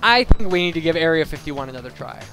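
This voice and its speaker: Young male let's player, rambling and self-mocking, slightly high voice, game music behind. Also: lively intonation, fast talker, pushed and bright. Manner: rambling, chatty, self-deprecating, with many fillers. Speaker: let's play commentator. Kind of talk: casual gameplay commentary.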